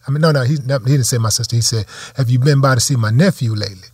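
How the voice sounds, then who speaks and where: A man's voice: mid-range voice, quick pace, few pauses, darkish tone, breathy edge, no room sound, clean studio sound. A man in casual chat, telling stories bluntly and swearing freely. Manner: blunt, profane storytelling.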